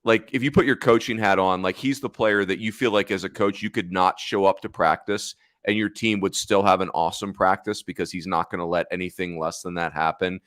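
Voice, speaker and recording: A man's voice: deep voice, steady tone, fairly quick, hardly any pauses, fairly bright tone, no echo, studio quality. A man co-hosting a sports podcast in casual chat, talking in a chatty way, correcting himself and laughing easily. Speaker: podcast co-host.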